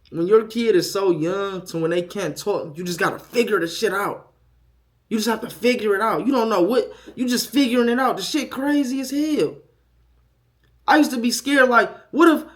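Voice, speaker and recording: A young man talking candidly to camera as a first-time father, frank and profane, moving from quiet self-doubt to loud, animated storytelling. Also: on the high side.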